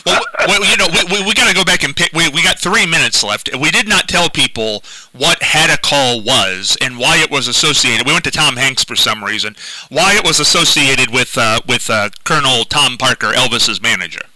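A man's voice: mid-range voice, animated, fairly quick, pushed and bright, dry recording, rough recording. A man hosting a radio talk show, eager and chatty, laughing often with his guest. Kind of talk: casual radio interview.

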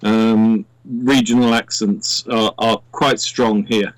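A man's voice: fairly low pitch, fairly even intonation, takes it slowly, no room sound, poor audio. A man from England with a southern English accent, chatting casually as a radio guest. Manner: chatty, slips into other accents.

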